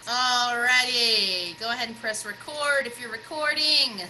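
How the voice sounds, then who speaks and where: A woman's voice: fairly high pitch, normal speed, pushed and bright, a little hiss or hum, low-quality recording. A woman leading a band rehearsal over a video call, in an upbeat, chatty, coaching way. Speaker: band director. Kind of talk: online rehearsal talk. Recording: music playing in the background.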